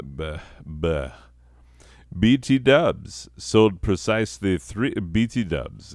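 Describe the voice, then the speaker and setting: A man with a very deep, unhurried voice rambles through a profane comedic monologue, laughing at his own jokes. His tone is sarcastic and meandering, and his voice sounds smooth and clear. The recording is dry and close. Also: a little mellow, no room sound. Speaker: podcast host.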